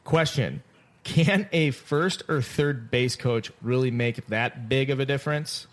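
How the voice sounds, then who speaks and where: A man's voice: medium pitch, a little slow. A man hosting a casual sports podcast, brash and teasing, who swears freely. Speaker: podcast host.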